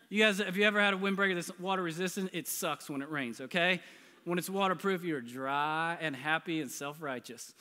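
A high, bright-voiced middle-aged man preaches in a storytelling way, poking fun at himself and laughing along the way. His voice carries a long reverberant tail through a large church sanctuary. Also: smooth. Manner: humorous, self-deprecating, laughs often. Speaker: pastor. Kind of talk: storytelling sermon.

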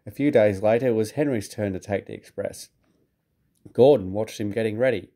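Mellow British man reading a storybook. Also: on the low side, moderate pace. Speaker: narrator.

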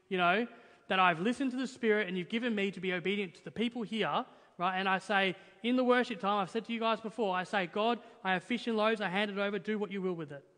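A young man preaches in a notably high voice, earnest and emphatic, tossing in "right?" to keep the congregation with him. His voice rings through a church hall with a long, lingering reverb. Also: bright, forceful tone. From Australia. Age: young adult. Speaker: pastor. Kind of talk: sermon.

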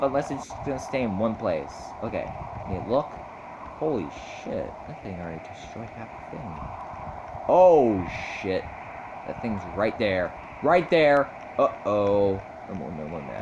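Excitable rambling young man gaming. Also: on the low side, muffled recording. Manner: rambling, excitable, jumps from mumbling to yelling. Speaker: gamer. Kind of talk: casual gameplay commentary. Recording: noisy recording.

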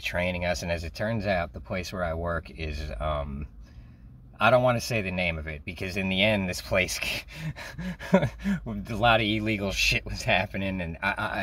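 Low-voiced New man telling a story. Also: a bit bright. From New York. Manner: profane, rambling, laughs often. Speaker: vlogger. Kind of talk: casual storytelling.

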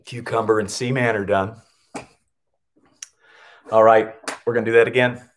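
A man's voice: lowish voice, steady tone, normal speed, a little hiss or hum. A man running a live-streamed PE class, upbeat, calling out nicknames and counting exercise reps, short of breath from working out. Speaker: PE coach.

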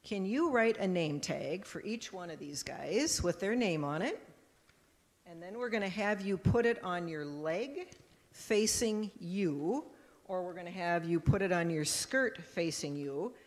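A woman's voice: lowish voice, measured pace. Pastor woman telling a children's story. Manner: animated storytelling, acting out voices. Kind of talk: children's message in church. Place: church sanctuary. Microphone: handheld microphone. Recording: long church reverb.

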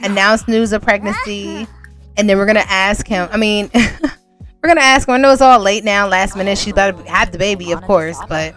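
A woman's voice: medium pitch, steady tone, normal speed, a bit bright, soft background music. A woman giving casual let's-play commentary in a chatty way, laughing often and talking straight to her viewers. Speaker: gaming channel host.

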